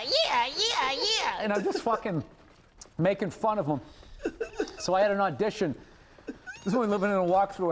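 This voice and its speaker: A man's voice: sits high, a little hiss or hum. A man, a comedian, telling rambling, profane anecdotes in a casual chat. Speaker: comedian, podcast co-host.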